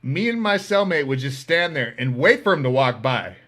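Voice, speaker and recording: Brief: male podcast host, crisp bright tone, very animated delivery, loose and profane. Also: medium pitch, normal speed. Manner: animated, swears freely, acts out quoted voices. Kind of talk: casual storytelling.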